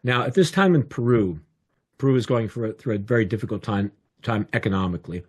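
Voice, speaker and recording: An older man tells a personal story with an animated, expressive delivery. His voice is low and slightly husky. The sound comes from a home video call microphone. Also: a little fast.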